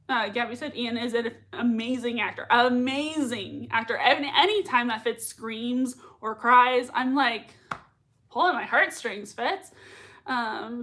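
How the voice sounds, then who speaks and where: A woman's voice: on the high side, fairly bright tone. A young woman hosting a live reaction stream, chatting casually as she reads out viewer comments, gushing and laughing often, with lots of fillers. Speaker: livestream reaction host.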